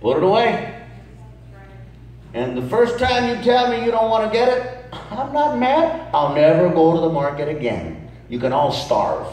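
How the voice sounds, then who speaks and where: Animated preacher man in an echoing hall. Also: on the high side, moderate pace. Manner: animated, storytelling, calls to the crowd. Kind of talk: humorous sermon with call-and-response. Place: large church hall. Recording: very echoey hall, distant mic.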